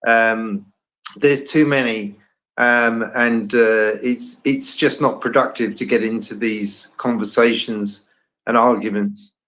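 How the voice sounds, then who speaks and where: A man calls in to a live online audio chat and talks hesitantly, pausing and filling gaps with fillers. His voice is of middle pitch. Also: steady tone, a bit bright, poor audio. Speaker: caller.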